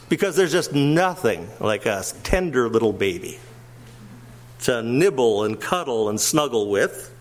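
An older man preaching a sermon, animated, swinging between emphatic raised passages and quiet asides. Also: mid-range voice, unhurried. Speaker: pastor.

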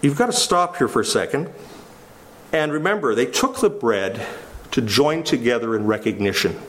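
A man preaching a sermon, teaching with questions that he then answers himself. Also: mid-range voice. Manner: teaching, asks the listeners questions and answers them.

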